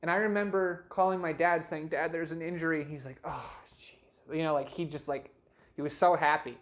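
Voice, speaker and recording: A man casually recounting a personal story, chatty and animated, acting out the voices of other people along the way. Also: fairly high pitch, normal speed. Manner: chatty, with frequent laughs and fillers like "you know". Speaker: storyteller recounting his life.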